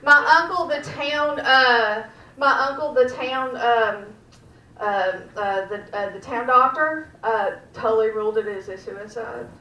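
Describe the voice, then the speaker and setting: A woman with a Southern US accent doing a stand-up set, telling dark jokes in a deadpan drawl in the back room of a restaurant. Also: a little high, a little slow. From Georgia, US. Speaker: stand-up comedian. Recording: echoey room, mic heard from far off.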